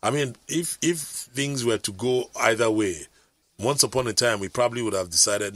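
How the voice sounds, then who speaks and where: A man's voice: mid-range voice, normal speed, fairly bright tone, no echo. A middle-aged man, telling rambling stories in casual chat, with preachy asides.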